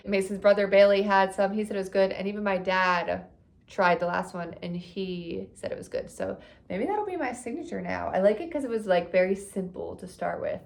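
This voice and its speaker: A woman in her thirties chatting casually to her phone camera in a vlog, expressive and talkative. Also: mid-range voice, vocal fry. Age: 30s. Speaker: vlogger.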